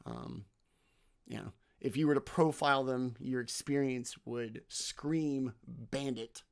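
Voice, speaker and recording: Slow, smooth-voiced male game master. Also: mid-range voice. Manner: halting, full of ums and uhs. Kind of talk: narrating a tabletop game.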